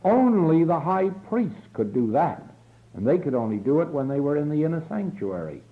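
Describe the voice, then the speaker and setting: A man giving a slow, earnest spiritual lecture in a church hall, from a 1950s archival tape recording. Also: on the high side, big pitch swings, phone-quality sound. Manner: slow, earnest, deliberate delivery. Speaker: spiritual teacher.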